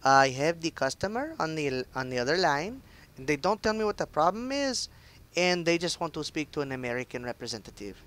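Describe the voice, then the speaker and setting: A man's voice: a little high, very animated, a little fast, fairly bright tone. A man voicing a polite, formal male call center coworker passing along a call.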